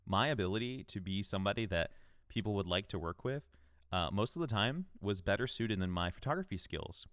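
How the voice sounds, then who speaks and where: A man's voice: on the low side, animated, fairly quick, a bit bright, no echo, clean studio sound. A man hosting a solo podcast, giving casual, upbeat advice in a conversational way. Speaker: podcast host.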